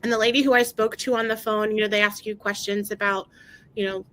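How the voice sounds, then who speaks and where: A woman telling an emotional personal story in an interview, talking haltingly with many fillers and restarts. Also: medium pitch, flat delivery, pushed and bright, low-quality recording. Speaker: guest sharing her story. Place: lives in Maryland.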